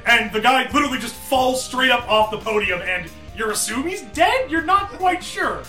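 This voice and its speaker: Male game master, high bright voice, casual rambling narration, roomy echo. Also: animated, moderate pace, faint music behind.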